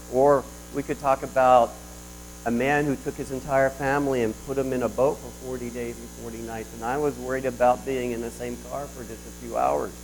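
A man's voice: mid-range voice, a little hiss or hum, poor audio. A man delivering a sermon in a conversational storytelling way, telling a personal story with frequent restarts. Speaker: preacher.

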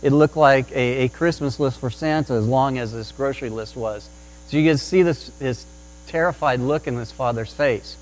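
A man's voice: medium pitch, moderate pace, darkish tone, rough recording. A man preaching a sermon about parenting, telling a story with frequent restarts and repeated words. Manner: restarts often, tells anecdotes with acted quotes. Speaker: pastor.

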